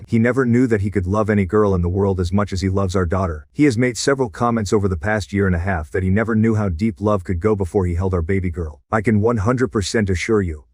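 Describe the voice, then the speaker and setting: Low-voiced man reading a story. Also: a little mellow, slightly rough, no echo, studio quality. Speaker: narrator. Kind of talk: scripted narration of a reddit story.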